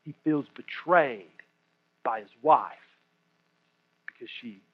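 A man in his thirties, a pastor, preaching a sermon to a congregation, swinging between hushed and loud delivery. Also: medium pitch, slow. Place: room with a congregation. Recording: muffled lo-fi recording.

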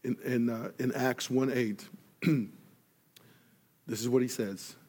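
A man preaching a sermon, telling a story and acting out each person in it, rising loud when excited and falling soft and quiet for earnest points. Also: medium pitch, takes it slowly, husky. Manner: animated storyteller, acts out dialogue, grows loud in excitement. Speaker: pastor.

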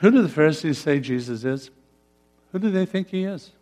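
A man's voice: fairly high pitch, expressive, a little fast, mellow, soft background music. A pastor preaching a conversational sermon, putting questions to his congregation. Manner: conversational, asks the congregation questions, laughs often.

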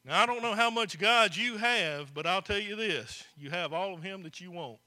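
In a church, a pastor with a high-pitched, sharp-toned voice preaches a folksy sermon at a moderate pace. He speaks directly to his congregation.

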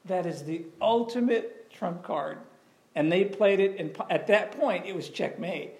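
A man preaching a sermon in a conversational, animated way, often asking questions of the audience. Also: high voice, moderate pace. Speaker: pastor.

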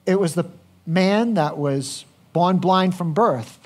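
In a slow, relaxed sermon, a pastor speaks as if chatting with his listeners, his voice sitting high for a man. He takes his time and repeatedly addresses the congregation with questions.

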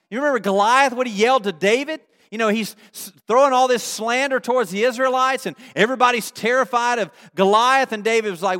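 A male pastor giving a sermon, telling a story with animated energy and checking in with his congregation through questions. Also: high-pitched, fast talker, few pauses. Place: church. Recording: long reverb of a large hall.

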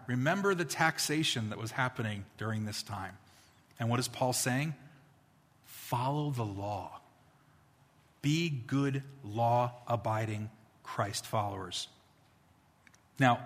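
A man's voice: mid-range voice, fairly bright tone. Preaching man, reverberant hall. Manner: conversational preaching, builds to emphatic points with slow, drawn-out lines. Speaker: pastor. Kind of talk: sermon.

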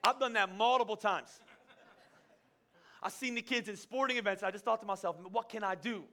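A man's voice: high-pitched, fairly quick, sharp tone. A middle-aged man preaching a sermon to a congregation, talking conversationally and rising to fervent emphasis. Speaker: pastor.

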